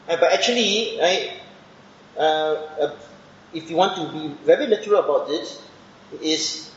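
A man's voice: high-pitched, lively intonation, normal speed. A man preaching a Bible study sermon, explaining step by step and often checking in with a questioning "right?". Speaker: preacher teaching scripture. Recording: echoey room, dull muffled sound with faint background noise.

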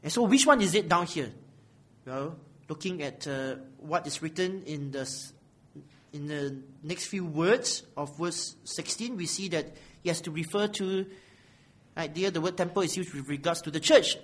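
A man's voice: a little high, animated, normal speed, fairly bright tone. A man preaching an expository sermon in a small church room, often asking "right?" and swelling on key phrases. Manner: questioning, often asks "right?".

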